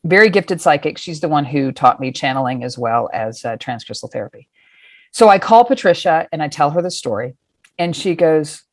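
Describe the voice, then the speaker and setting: A middle-aged woman with a low voice, appearing as a guest, tells a personal story at normal speed in a casual, animated way. She acts out the scenes and swears freely, and the recording is dry and close.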